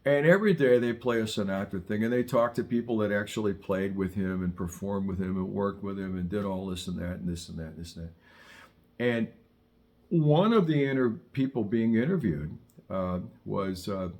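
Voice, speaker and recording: A man's voice: fairly low pitch, animated, moderate pace, darkish tone. A middle-aged man teaching saxophone in a casual, chatty way, wandering into wry asides and digressions. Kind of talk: casual spoken lesson. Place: studio in Southern California.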